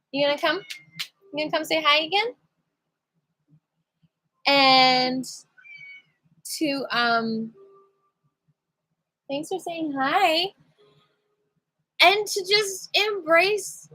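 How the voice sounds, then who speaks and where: A woman leading a livestream qigong class in a playful, giddy, chatty way, with slow guided prompts to notice breath and heartbeat. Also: sits high, a bit bright, no room sound, low-quality recording. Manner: playful, giddy, breaks into sing-song cat voices. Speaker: qigong teacher. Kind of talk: casual livestream class guidance.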